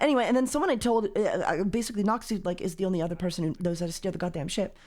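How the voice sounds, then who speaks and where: A woman hosting a casual livestream chat, loud and sweary, with a slightly tired voice. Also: on the low side, racing, soft background music. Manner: loud, swears freely, jumps into yelling. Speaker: livestream host.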